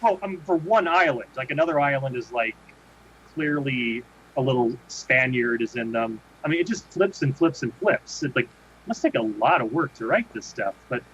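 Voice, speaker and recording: A man's voice: mid-range voice, lively intonation, normal speed, fairly bright tone. A man co-hosts a podcast in a loose, rambling way, circling back to restart his sentences. His voice comes through a dull, lo-fi microphone with faint hiss underneath. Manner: rambling, many restarts and fillers. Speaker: podcast co-host. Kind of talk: casual chat. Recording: dull lo-fi sound with faint noise.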